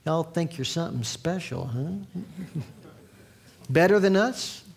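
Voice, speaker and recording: A man's voice: on the high side, lively intonation, takes it slowly, vocal fry, husky, heavily acted. A man voicing a resentful small-town local with a put-on Southern US accent, talking in mocking, needling questions. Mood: sneering.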